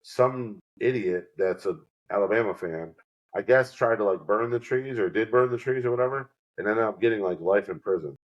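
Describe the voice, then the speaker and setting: A man with a fairly low voice chats casually on a podcast, spinning loose, rambling anecdotes. He drops into quick impressions of the people in his stories, then falls back into an easy, offhand tone. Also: dull audio. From New York. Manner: rambling storyteller, acts out quotes. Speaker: podcast co-host. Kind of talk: casual chat.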